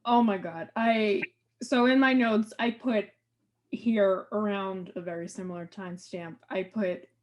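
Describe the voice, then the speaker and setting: A woman's voice: medium pitch, steady tone. A woman co-hosting a fan podcast, talking emphatically and at length about an emotional TV scene, with bursts of laughter. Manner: emphatic, rushes through long lists, laughs. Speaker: podcast co-host. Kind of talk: casual fan discussion.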